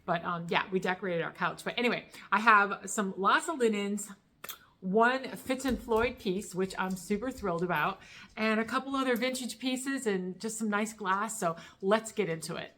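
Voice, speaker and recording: A woman's voice: mid-range voice, moderate pace, sharp tone. A woman chatting casually and eagerly in a thrift shopping vlog, thinking aloud about her finds. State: out of breath while loading the car. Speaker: thrift vlogger. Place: indoors at home on a couch.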